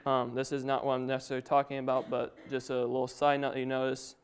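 A man's voice: medium pitch, completely flat delivery, quick pace, smooth. A young man giving an informal Bible talk to his family, a little nervous, with casual asides and chuckles. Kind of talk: informal sermon.

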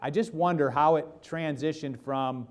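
A pastor with a slightly high voice speaks at an ordinary pace, giving a relaxed, conversational sermon. He cracks jokes and asks the congregation questions.

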